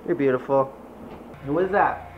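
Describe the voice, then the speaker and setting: A man's voice: mid-range voice, normal speed, narrow, tinny audio, slight background noise. A young man, a father, talking playful baby talk to his little daughter in a casual home vlog.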